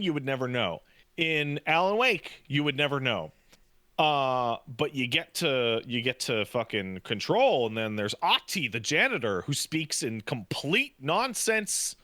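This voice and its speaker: A man's voice: a little high, pushed and bright, no echo. A man co-hosting a podcast in casual banter, ranting in an exasperated tone and swearing often. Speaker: podcast co-host.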